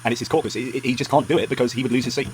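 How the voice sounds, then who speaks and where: A man's voice: medium pitch, fairly even intonation, very fast, slight background noise. A man giving heated political commentary, angry and emphatic, ranting with many restarts.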